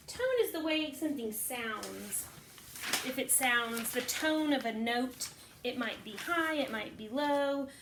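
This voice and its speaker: A woman's voice: on the high side, a bit bright, a little hiss or hum. A woman teaching a phonics lesson to kindergarten children, patiently sounding out words.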